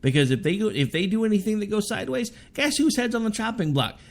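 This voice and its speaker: A man's voice: high-pitched, lively intonation, quick pace. A man co-hosting a radio talk show, arguing his political views in a sarcastic, argumentative way. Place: radio studio.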